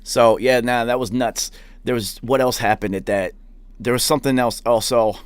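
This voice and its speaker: A man's voice: mid-range voice, steady tone, moderate pace, clean tone, dry recording. A young man hosting a podcast, telling profane, rambling anecdotes in a casual chat. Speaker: podcast host. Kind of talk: casual storytelling.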